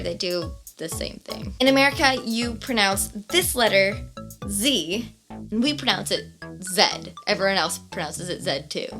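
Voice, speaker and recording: A young woman from Canada with a Canadian accent, talking through a casual list vlog in a chatty way with dry, sarcastic asides. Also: a little high. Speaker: vlogger.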